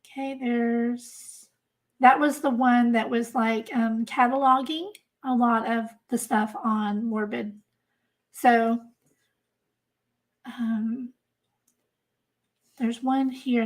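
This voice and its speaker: Exasperated woman ranting on a livestream, slow-paced. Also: a little high, fairly even intonation. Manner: emphatic and exasperated, repeats herself. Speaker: host of a crime-case channel. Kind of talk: casual livestream commentary, replying to chat.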